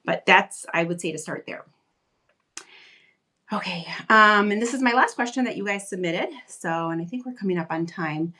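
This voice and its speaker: A woman's voice: mid-range voice, normal speed, pushed and bright. A woman giving parenting advice in a casual live question-and-answer stream, conversational and reassuring, with lots of "like". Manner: conversational, reassuring, frequent "like" fillers. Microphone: live video stream.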